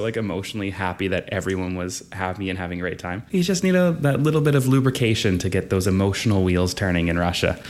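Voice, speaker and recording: A young man from Canada who teaches drama, talking casually in an interview, relaxed and chatty with frequent laughs. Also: fairly low pitch, fast talker. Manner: relaxed and chatty, laughs often, acts out quoted voices.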